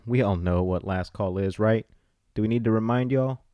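A man with a lowish voice hosts a podcast in a loose, casual way, hyping his listeners and joking around as he reads shout-outs. The sound is dry and close, with no room echo. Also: moderate pace, muffled recording. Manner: hyped, playful, riffs on names. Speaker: podcast host.

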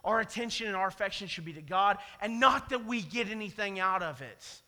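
A man's voice: high voice, expressive, fairly quick, bright, forceful tone, in a large hall. A man preaching a sermon as pastor, talking in an emphatic, conversational way and repeating his key phrases for weight. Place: church sanctuary.

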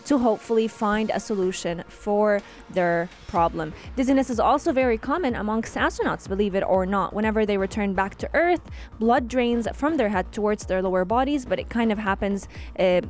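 A woman co-hosting a radio show, explaining news stories in a relaxed conversational way. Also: medium pitch, a little fast, faint music behind. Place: radio studio. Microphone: studio microphone.

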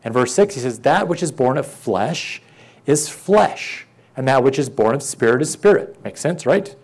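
Man preaching, mid-pitched voice, chatty sermon, asks the room questions. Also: expressive, normal speed, darkish tone, husky. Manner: conversational, asks the congregation questions, acts out quoted lines.

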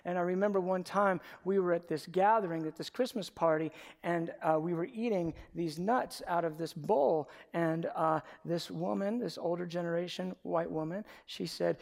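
A man preaching a sermon from the pulpit, moving between hushed, personal storytelling and loud, emphatic exhortation. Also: high voice, normal speed, vocal fry, few pauses. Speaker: pastor.

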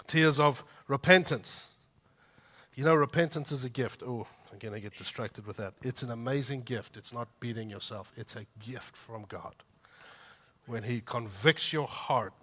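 A man preaching a heartfelt sermon, swinging between loud emphatic peaks and soft, quiet asides in a conversational way. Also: medium pitch. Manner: conversational asides with light laughs. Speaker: pastor.

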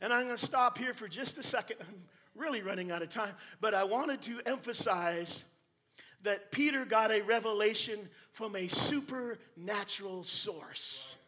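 A man preaching a sermon, swinging between quiet asides and shouted emphasis, with playful jokes and wordplay for the congregation. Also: high-pitched, expressive, normal speed.

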